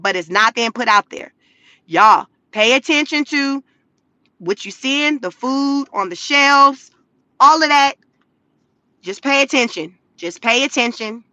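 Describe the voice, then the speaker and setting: Woman host, casual live-stream commentary; high, bright and animated, dry close sound. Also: unhurried, dry recording. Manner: animated, laughs often, acts out quotes in mocking voices. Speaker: livestream host.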